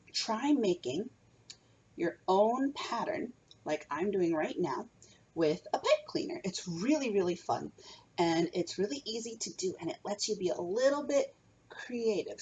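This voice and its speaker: A woman's voice: lowish voice, darkish tone, muffled recording, a little hiss or hum. A young woman teaching a remote kindergarten music lesson from home, coaxing small children with a sing-song manner.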